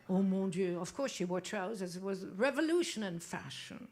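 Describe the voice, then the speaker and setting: A woman's voice: mid-range voice, animated, normal speed, few pauses. A woman, a cabaret singer telling stories on a small club stage in a playful, theatrical way, teasing the audience into a stage microphone. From Germany. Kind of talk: onstage storytelling between songs.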